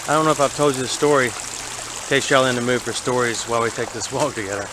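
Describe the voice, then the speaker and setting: Southern man, casual creek-walk narrator, rambling and folksy, clear water noise behind. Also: mid-range voice, steady tone, fast talker. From Alabama. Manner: rambling, folksy, thinks aloud about his finds. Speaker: vlogger exploring a creek. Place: outdoors wading in a city creek. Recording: outdoor camera audio with running water.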